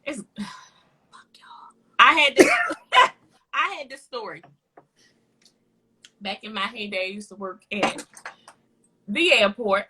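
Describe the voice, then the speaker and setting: A woman co-hosting a podcast, telling a story in a casual, animated and profane way. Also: medium pitch, measured pace, pauses often, heavy background noise. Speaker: podcast co-host.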